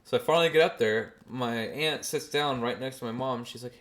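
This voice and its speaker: A man in his twenties, a podcast host telling a story in a casual, animated way, swearing and using slang freely. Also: mid-range voice, brisk.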